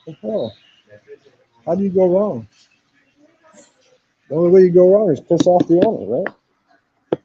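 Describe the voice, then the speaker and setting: A man's voice: high-pitched, expressive, unhurried, pauses often, dull audio, a little hiss or hum. A man doing a casual live-stream walkaround of a hostel, talking into his phone. He is laid-back, swears often and keeps saying "man". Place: hostel in Thailand. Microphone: phone camera.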